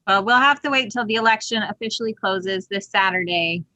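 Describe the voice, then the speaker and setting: A woman's voice: medium pitch, brisk, sharp tone, no room sound, low-quality recording. A woman chairing an online meeting over a video call, explaining procedures step by step in casual talk.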